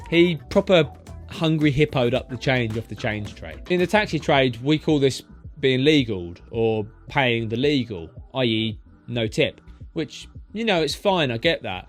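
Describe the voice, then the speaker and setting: A man, a taxi driver chatting his way through his routes street by street in a driving vlog. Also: medium pitch. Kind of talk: narrated driving vlog commentary.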